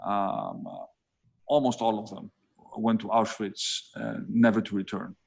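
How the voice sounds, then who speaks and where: A man with a Greek accent speaks in a low voice over a video call. He answers interview questions in measured phrases, pausing often and filling the gaps with soft hesitations. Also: little pitch movement, gravelly. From Greece. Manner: deliberate, many pauses and filler sounds. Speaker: prime minister being interviewed.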